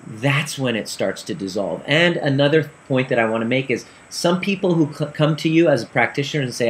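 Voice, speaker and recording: A man telling a client story in an earnest, animated way, acting out the dialogue as he goes. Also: mid-range voice, a little fast, few pauses. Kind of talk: storytelling talk.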